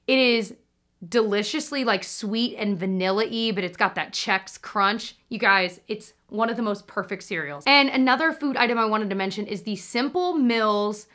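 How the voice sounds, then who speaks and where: A woman's voice: mid-range voice, moderate pace, fairly bright tone. A woman in her thirties chatting casually in a vlog, bubbly and rambling, with self-deprecating asides. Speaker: vlogger. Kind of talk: casual monthly favorites chat.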